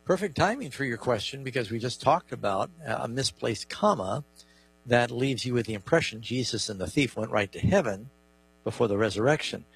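A man's voice: medium pitch, lively intonation, fairly quick, slightly rough, poor audio. A man co-hosting a call-in radio show on Bible questions, explaining verses and reading scripture with emphasis.

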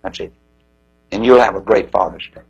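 A man preaching an impassioned revival sermon, swinging from loud high cries to low hushed tones. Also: fairly even intonation, normal speed, creaky, husky, lo-fi sound.

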